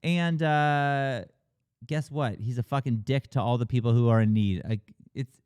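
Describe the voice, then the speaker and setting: A man talks through a movie plot in loose, casual chat, swinging his voice high whenever he mimics a character. He swears often and leans on fillers like "like" and "you know." The sound is close and dry with no room echo. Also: moderate pace, clean tone. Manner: animated retelling, acting out characters' lines with big pitch jumps. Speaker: podcast co-host reviewing a film.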